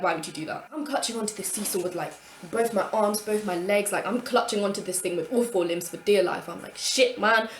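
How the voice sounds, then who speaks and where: A young woman telling an embarrassing story from childhood to camera, animated and swearing freely as she acts out her own thoughts. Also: medium pitch, echoey room, slight background noise. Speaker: vlogger. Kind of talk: casual storytime monologue.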